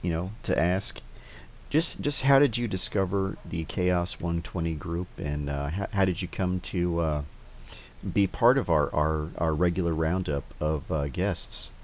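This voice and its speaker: A man's voice: sits low, unhurried. A man hosting a casual interview. He talks hesitantly, with many restarts and fillers. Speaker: host.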